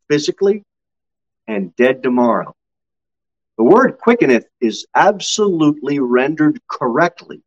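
A man preaching a sermon as pastor, swinging from low, quiet asides to high, ringing exclamations. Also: lo-fi sound.

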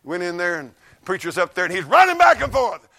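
A preacher man delivers a fiery sermon in a high, bright voice. His pitch leaps around as he tells folksy stories. He drops to low asides, then climbs into loud shouts. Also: sing-song, fairly quick. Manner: folksy storytelling, swings from mutters to shouts.

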